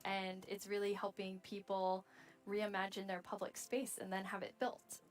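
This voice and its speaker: A woman's voice: medium pitch, monotone, moderate pace, over music. Upbeat woman hosting a live event. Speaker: event host.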